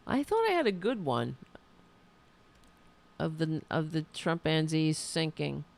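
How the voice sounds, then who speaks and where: A woman's voice: low-pitched, sing-song, slow pace, creaky, a little mellow. A woman podcast host giving sarcastic, mocking live political commentary and reading viewer comments aloud.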